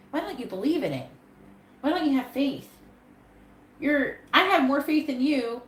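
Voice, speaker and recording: A woman giving a live tarot reading, talking in a blunt, profane way with a pep-talk delivery. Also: on the high side. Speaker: tarot reader. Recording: echoey room with faint background noise.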